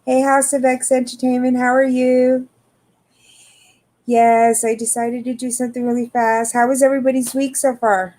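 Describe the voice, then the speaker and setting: A middle-aged woman hosting a casual livestream, greeting viewers by name in a relaxed, tired, unhurried way. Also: high-pitched. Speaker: livestream host.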